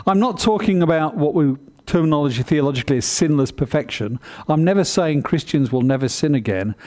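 A man preaching a sermon, explaining the text in an earnest way with deliberate emphasis. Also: mid-range voice, darkish tone.

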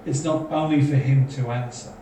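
A man preaching a sermon, earnest and full of searching questions. His voice is mellow and dark. He sounds far from the mic in a heavily echoing hall, with faint noise behind. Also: medium pitch, fairly even intonation, moderate pace.

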